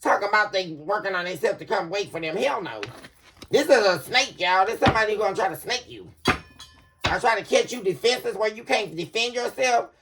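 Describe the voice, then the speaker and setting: A woman doing a casual tarot reading for her viewers, animated and quick to laugh, calling out to them often. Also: mid-range voice, background noise. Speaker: tarot reader.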